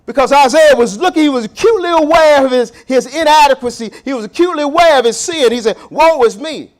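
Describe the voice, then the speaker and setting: High-voiced preacher, rising and dropping. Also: male voice, fast. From Southern United States. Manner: swings between loud emphatic bursts and low, quiet asides, stretching key words. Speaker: pastor. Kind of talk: sermon. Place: church sanctuary.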